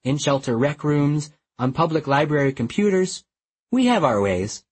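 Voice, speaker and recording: A man's voice: on the high side, animated, moderate pace, breathy edge. A man reading a novel aloud in the first person, with a wry, conversational delivery. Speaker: audiobook narrator.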